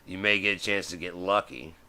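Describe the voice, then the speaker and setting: A man's voice: sits low, fairly quick, pushed and bright. A man, middle-aged, hosting a live stream and ranting in a heated, profane way, acting out the voices he quotes. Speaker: host.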